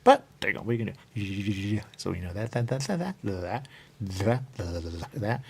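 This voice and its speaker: Deep gravelly guy rambling on his radio show, keeps looping the same phrases, faint hiss. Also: lively intonation, moderate pace, a little mellow. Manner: rambling, repeats catchphrases, jumps in pitch, chuckles. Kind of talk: rambling monologue.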